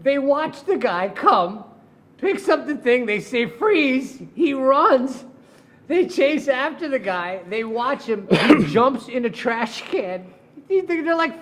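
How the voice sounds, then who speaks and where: A middle-aged man, a defense attorney, telling a courtroom story in casual chat, laughing often and swearing freely. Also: very high-pitched. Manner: profane, laughing, animated storyteller.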